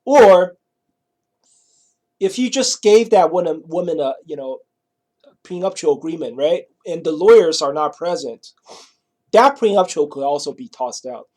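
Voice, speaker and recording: A man's voice: a little high, lively intonation, measured pace, long pauses, a little mellow. Casual profane man telling a story. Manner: casual, profane, keeps asking "right?" and "you know?". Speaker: vlogger. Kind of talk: rambling storytelling monologue.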